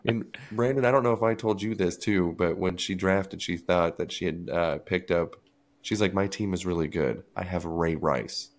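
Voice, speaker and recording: A man's voice: low-pitched, moderate pace. A man on a podcast, telling a story in casual chat and acting out what others said. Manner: storytelling, acting out quotes with laughs. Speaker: podcast co-host.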